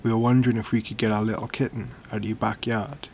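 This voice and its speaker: A man voicing a creepy teenage boy who is polite on the surface but pushy and faintly threatening, in a horror story reading with a slightly gravelly, low voice. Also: little pitch movement, fast talker, a little mellow, slight background noise. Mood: insistent. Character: menacing teenage boy posing as a polite kid.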